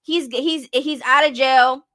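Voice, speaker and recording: A woman's voice: high voice, fairly even intonation, slow, fairly bright tone, no echo, studio quality. A woman giving blunt, chatty reaction commentary on a live stream, often asking whether the listener follows her. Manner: blunt, chatty, keeps asking "you get what I'm saying".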